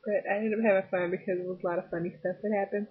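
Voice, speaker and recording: Young woman, giggly, rambling, husky breathy voice, tinny phone-like sound. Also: medium pitch, fairly even intonation, rapid-fire. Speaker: vlogger. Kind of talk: casual late-night storytelling.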